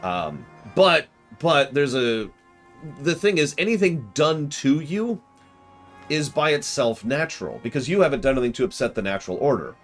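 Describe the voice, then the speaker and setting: A male game streamer talks casually, with an animated, widely swinging voice at a middle pitch. He retells scenes in quick mock voices and bursts out in exasperation. Faint game music plays underneath. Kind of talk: casual let's-play commentary.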